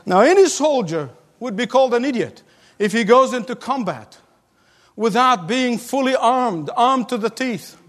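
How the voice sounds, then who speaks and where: A man preaches a sermon with emphatic repetition and frequent light laughs. His voice sits high for a man. The long reverb of a large hall trails every phrase. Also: animated, normal speed.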